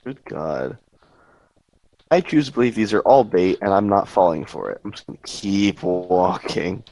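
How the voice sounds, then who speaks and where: A man's voice: low voice, expressive, moderate pace, dark tone, dry recording. A man playing a tabletop game, making dry, suspicious remarks. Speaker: player. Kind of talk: casual tabletop play.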